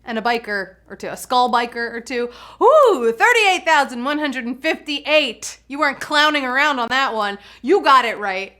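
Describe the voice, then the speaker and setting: A woman's voice: high-pitched, animated, moderate pace, hardly any pauses, pushed and bright. A woman hosting a live trivia game, chatty and bubbly, laughing often. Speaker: trivia game show host.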